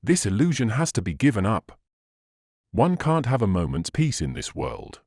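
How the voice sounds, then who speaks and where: A man's voice: fairly low pitch, wildly swooping pitch, moderate pace, a little mellow, no echo, clean studio sound. A man reading the part of a sailor who jokes with comic regret. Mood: wry. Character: wry joking male sailor.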